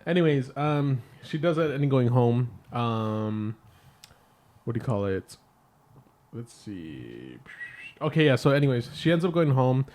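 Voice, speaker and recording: A man's voice: medium pitch, sing-song, measured pace, darkish tone. A man casually retelling a film plot on a podcast, rambling with lots of "like" and swearing. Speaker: podcast co-host. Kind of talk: casual movie review chat.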